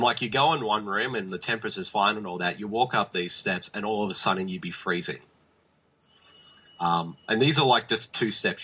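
A man's voice: lowish voice, bright, forceful tone, husky, muffled recording. A young man co-hosting a podcast, chatting casually and rambling with many fillers. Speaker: podcast co-host. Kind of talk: casual chat.

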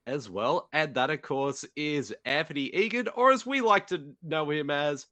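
A man hosts a podcast in an easy, chatty way and laughs often. His pitch swings widely as he talks, and his voice sits dry and close to the mic with no room sound. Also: lively intonation, normal speed, pushed and bright, no room sound. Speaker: podcast host. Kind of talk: casual podcast chat.

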